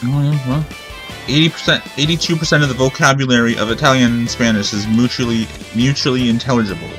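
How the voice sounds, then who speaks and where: A man's voice: mid-range voice, steady tone, fast talker, music in the background. A man commenting casually during a game playthrough, rambling and thinking aloud while he questions himself. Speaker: gamer. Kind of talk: let's play commentary.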